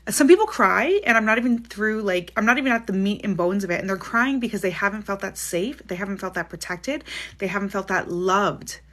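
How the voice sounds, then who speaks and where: A woman's voice: mid-range voice, fairly bright tone. A woman working as a psychic medium in a casual live stream, reading viewers' questions aloud and answering each one. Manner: chatty, quick to laugh, frequent "like".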